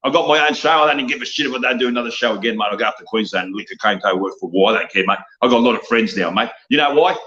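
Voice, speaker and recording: A rapid-fire older Australian man rants through a podcast interview, blunt and profane, and he calls everyone "mate." His voice is bright and forceful. The audio sounds dull and lo-fi. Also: medium pitch. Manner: blunt, profane, rambling, tags "mate" on nearly every line. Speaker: wrestling guest. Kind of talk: ranting interview talk.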